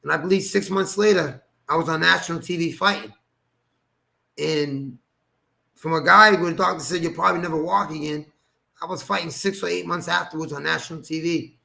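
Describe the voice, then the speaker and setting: A man telling a personal story as an interview guest, animated, acting out quoted dialogue and laughing often. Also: on the high side, fairly quick, vocal fry. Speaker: guest, former boxer.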